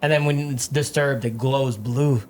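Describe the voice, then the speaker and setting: A man's voice: mid-range voice, steady tone, normal speed, a little mellow, slight background noise. A young man hosting a podcast, telling rambling stories in casual chat and laughing often. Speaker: podcast host.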